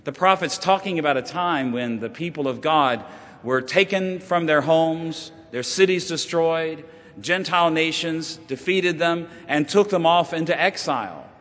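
A man preaching a sermon, telling stories, sometimes dropping to a hush and then building up with emphasis. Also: a little high, measured pace. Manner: storytelling, shifting from hushed to rising emphasis. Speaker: pastor. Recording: long hall reverb.

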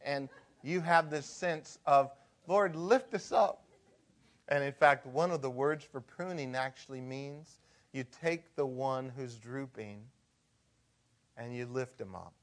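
A man preaching a sermon as pastor, shifting from hushed and conversational to loud and emphatic. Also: mid-range voice, measured pace.

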